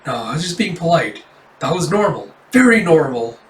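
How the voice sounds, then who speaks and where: A man's voice: fairly high pitch, moderate pace. A man playing an uptight, nervous teen girl. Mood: anxious. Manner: overly formal, insisting she is calm. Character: stiffly polite, nervous teenage girl performer. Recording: echoey room, off-mic.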